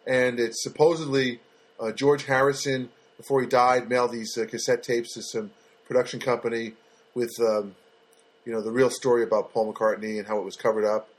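A man's voice: mid-range voice, little pitch movement, normal speed. A man hosting a casual solo podcast from his apartment, talking in a loose, rambling way with many fillers and restarts. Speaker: podcast host. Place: studio apartment.

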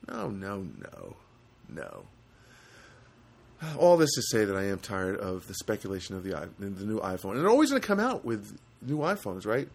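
A man's voice: fairly low pitch, very animated, brisk, creaky, husky. A man delivering a sarcastic, rambling comedic rant with many restarts.

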